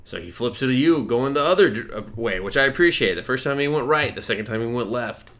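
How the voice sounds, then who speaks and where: Bright-toned man recapping a movie. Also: medium pitch, expressive, quick pace. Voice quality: swears casually, recaps scenes, acts out lines. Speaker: podcast co-host. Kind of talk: casual movie review chat.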